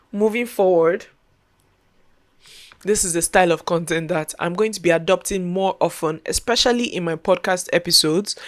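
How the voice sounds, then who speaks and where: Earnest woman with a low voice. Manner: earnest, heartfelt, repeats phrases. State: getting emotional, near tears. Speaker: content creator and podcast host. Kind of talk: casual talk to camera.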